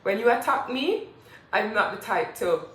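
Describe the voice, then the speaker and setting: A woman's voice: mid-range voice, expressive, normal speed, fairly bright tone. A young woman, speaking bluntly and emphatically to camera as a finance vlogger. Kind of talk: direct-to-camera motivational talk. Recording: echoey room.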